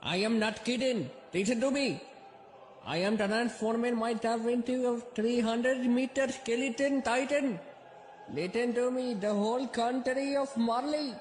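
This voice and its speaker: A man's voice: very high-pitched, measured pace, reverberant, slight background noise. A man voicing a ranting young anime rebel in a parody dub, with an Indian English accent, declaiming commands melodramatically.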